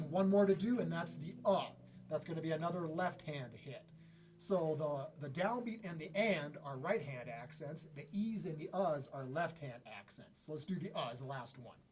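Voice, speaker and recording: A man giving a casual drum lesson in a relaxed, conversational way, often pausing to clear his throat. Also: music in the background. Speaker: drum teacher. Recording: drum kit playing loudly around the talk. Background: snare, bass drum and hi-hat played by the speaker.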